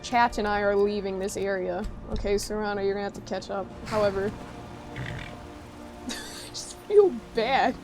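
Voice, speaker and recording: Speaking at a measured pace with frequent pauses, this woman has a medium pitch and fairly even intonation. During her gaming livestream she keeps things casual, teasing and bantering with her chat over background game music.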